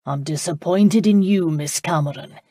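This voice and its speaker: A woman narrator voicing a proud, commanding Scottish laird with a genteel, rolling accent and a measured, lordly manner. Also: lowish voice, mellow, husky, dry recording. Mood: reproachful.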